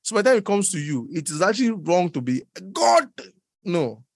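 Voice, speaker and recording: A man preaching a sermon in an animated, teasing way, laughing often and leaping up in pitch. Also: fast, dry recording, clean studio sound. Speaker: pastor.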